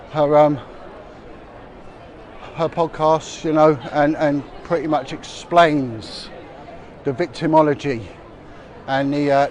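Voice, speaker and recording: The voice belongs to a middle-aged male vlogger, fairly high in pitch and a little mellow. He rambles through a walking livestream on busy city streets, with lots of fillers and restarts, while street noise and passers-by are heard behind him.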